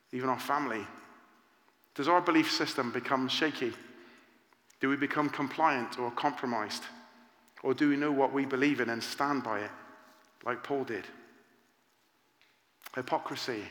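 Pastor type, earnest preacher, bright tense voice, echoey church hall with long reverb. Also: male voice, mid-range voice. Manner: earnest, animated preaching with rhetorical questions. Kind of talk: sermon.

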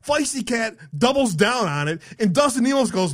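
A man hosts an online show in a heated, profanity-laden rant. His high voice swoops up and down as he talks, and he rambles bluntly, often tripping over restarts. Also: big pitch swings, normal speed. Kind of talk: heated ranting commentary.

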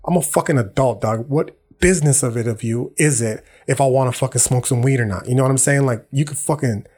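A young man talks into his podcast mic, blunt and profane, with plenty of street slang. His voice sits in a middle range and has a husky edge. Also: medium pitch, fast, a little mellow. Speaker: podcast host. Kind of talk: casual monologue.

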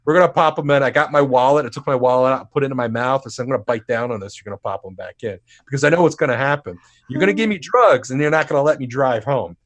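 A man's voice: mid-range voice, quick pace, hardly any pauses. A man telling a comedic story in a casual podcast chat, swearing freely and acting out what people said. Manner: animated, swears freely, acts out quotes loudly. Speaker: podcast co-host.

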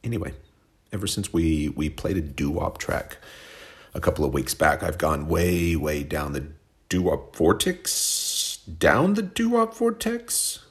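With a very deep voice and a slightly slow delivery, an Oklahoma radio host introduces songs on his music show. It's a casual monologue, rambling and wry, and he keeps correcting himself.

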